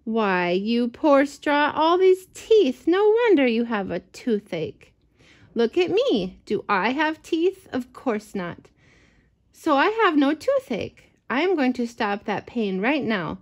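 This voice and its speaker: A woman voicing a proud, silly female goose in a storybook read-aloud, speaking with brisk confidence. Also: fairly high pitch, big pitch swings. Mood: smug. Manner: confident, self-assured, brisk.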